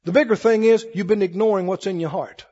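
High-voiced preacher in an echoing hall. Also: male voice, fairly even intonation, quick pace, mellow, slightly rough. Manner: emphatic preaching, calls for congregation responses. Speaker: pastor. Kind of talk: sermon. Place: church hall with congregation. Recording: lo-fi recording in a reverberant hall.

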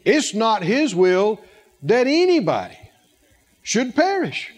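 A man's voice: sits high, huge pitch swings, takes it slowly. A man preaching a sermon, asking the congregation questions and repeating words for emphasis.

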